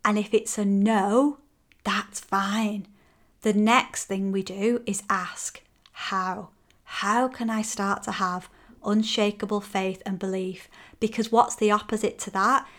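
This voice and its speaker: A woman hosts a motivational podcast as a coach, speaking slowly in a mid-range voice. She talks frankly and energetically, swears casually, and acts out her listeners' complaints.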